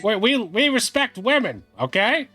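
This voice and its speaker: A man voicing rough male pirate guards bickering with each other in a tabletop game. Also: very high-pitched, very animated, moderate pace, sharp tone, faint music behind, pitched above the performer's own voice, full character voice.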